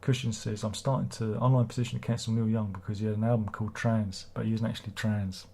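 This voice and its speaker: A man's voice: lowish voice, steady tone, fast, vocal fry, darkish tone, slight background noise. A man hosting a casual livestream, rambling and swearing as he reads viewer comments aloud. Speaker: livestream host.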